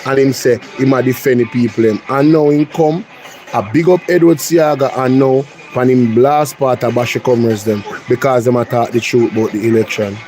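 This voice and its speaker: A man's voice: mid-range voice, fairly even intonation, moderate pace, dark tone. Sex: man. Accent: Jamaican. Role: host. Style: reaction commentary, blunt and incredulous. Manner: incredulous, blunt, mixes patois and English.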